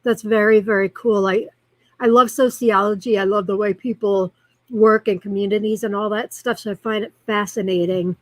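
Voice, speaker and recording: A woman's voice: medium pitch, fairly even intonation, normal speed, no room sound, poor audio. A woman hosting a live-streamed show, chatting casually in a rambling way and reacting to viewer comments as she reads them aloud.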